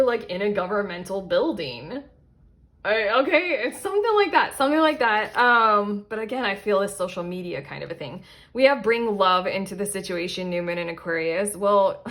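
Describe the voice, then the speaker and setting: A woman's voice: on the low side, a bit bright. Rambling woman giving a tarot reading. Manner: rambling, self-interrupting, frequent fillers and asides. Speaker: tarot reader. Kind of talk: casual pick-a-card tarot reading.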